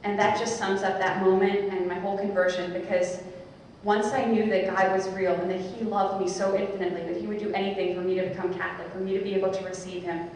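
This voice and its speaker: A young woman, a religious sister, tells her personal story with lively, acted-out quotes. She sounds far from the microphone, and her voice rings through a large hall with a long, echoing reverb. A faint background hiss sits under her voice. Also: mid-range voice, quick pace. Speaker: Dominican sister telling her conversion story. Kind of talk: personal testimony talk. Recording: echoey hall, far from the mic.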